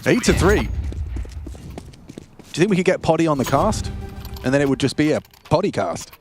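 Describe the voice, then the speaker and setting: A man's voice: fairly high pitch, very animated, a little mellow, faint music behind. A man doing color commentary on a shooter match, playful and riffing. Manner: playful, riffing, voice leaps up on fast action. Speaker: esports color caster. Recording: noisy broadcast with game gunfire behind. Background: game gunfire and clicks.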